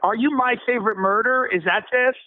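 A man's voice: extremely high pitch, brisk, no room sound. A man on a phone call, stammering and bewildered, repeating himself as he tries to follow the conversation. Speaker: caller. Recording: tinny phone line.

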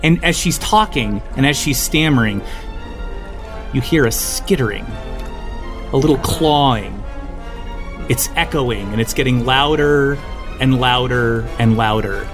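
A man narrating as game master of a tabletop game, with vivid, quick description. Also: medium pitch, over music.

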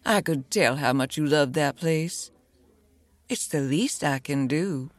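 A smug aunt who heads a growing cult talks smoothly and pleasantly in a middle-pitched voice, as a woman plays her. The sound is dry and close, with no room around it. Her ease carries an unspoken sense of control. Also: slow pace, no echo.

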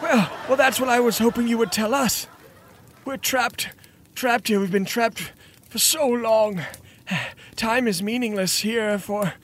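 A man's voice: animated, slow pace, creaky, a bit bright, a little hiss or hum, heavily acted. A man voicing a frantic, breathless male cult member who worships the heroes, in a tabletop role-play. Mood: breathless, frightened. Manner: worshipful, panting, high-pitched.

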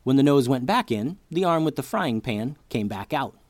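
A man narrating a children's story with a lively, expressive reading. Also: medium pitch, normal speed, no room sound.

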